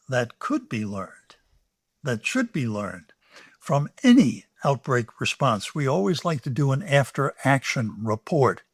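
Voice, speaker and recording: An older man from the United States explains infections with measured emphasis, sometimes dropping to a soft aside. His mid-range voice sits close and dry on the mic. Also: medium pitch, no echo. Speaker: infectious disease expert guest. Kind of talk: measured expert interview answers.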